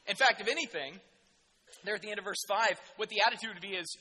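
Male preacher, animated and sarcastic, bright high voice, long hall reverb. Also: fast talker, slightly rough. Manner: animated, jokey and sarcastic, with sudden emphatic outbursts. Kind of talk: sermon.

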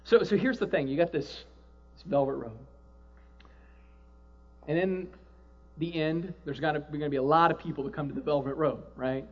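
A man with a notably high voice preaches to his church, telling a personal story in a sermon. He drops to a hushed, slow delivery for the sad parts and rises to loud, excited exclaiming for the happy ones. The recording is dull and lo-fi. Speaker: pastor.

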